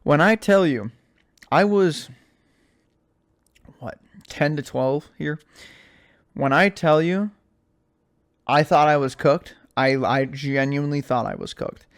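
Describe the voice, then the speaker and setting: A young man with a voice pitched a little high hosts a podcast on his own. He chats loosely and tells animated stories, full of casual slang and filler words. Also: slow, pauses often. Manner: animated storyteller, slangy, says "like" and "dude" a lot. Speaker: podcast host. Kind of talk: casual solo podcast chat.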